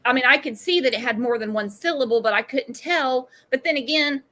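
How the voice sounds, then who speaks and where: A woman hosting a live talk stream, lively, teasing and chatty. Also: sits high, fairly quick. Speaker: host. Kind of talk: casual livestream chat.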